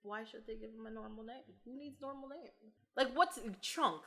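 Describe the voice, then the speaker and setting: A woman's voice: a little high, moderate pace, pushed and bright. A woman hosting a podcast, chatting casually about films, laughing often and quoting lines in mock voices. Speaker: podcast host. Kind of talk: casual film chat.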